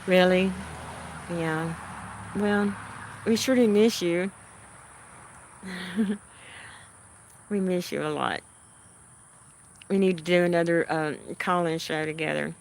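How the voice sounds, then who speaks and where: A woman's voice: lowish voice, steady tone, vocal fry, slight background noise. A woman hosting a livestream, chatting casually with her viewers and answering their comments in a homey way. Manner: unhurried and homey, answering chat comments with frequent soft laughs. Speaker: livestream host.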